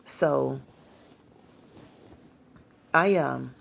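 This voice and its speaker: A tired woman telling a personal religious testimony in a rambling, halting way, full of fillers. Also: a bass voice, gravelly, husky. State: tired, yawning. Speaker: Christian testimony speaker.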